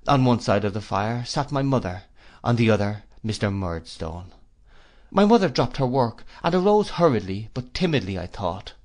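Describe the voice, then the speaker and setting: A male narrator reads a classic novel aloud for an audiobook, keeping his delivery measured yet expressive, in a fairly low voice.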